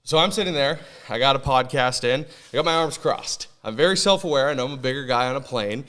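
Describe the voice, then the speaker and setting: A man's voice: mid-range voice, quick pace, fairly bright tone. A man co-hosting a podcast who tells a story in a casual chat, with lots of fillers. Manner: chatty storyteller with frequent fillers. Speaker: podcast co-host.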